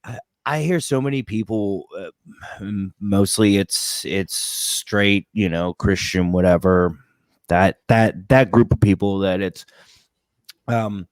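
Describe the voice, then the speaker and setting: A man with a fairly low voice hosts a laid-back podcast, sounding dry and close to the mic. He rambles through his questions with plenty of restarts and swearing. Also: slow, no echo. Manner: rambling, profane, many restarts. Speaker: podcast host. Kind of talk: casual podcast interview.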